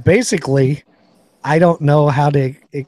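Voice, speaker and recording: Higher-pitched man hosting, dry sound. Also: fairly even intonation, moderate pace, a little mellow, no echo. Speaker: podcast host. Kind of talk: casual chat.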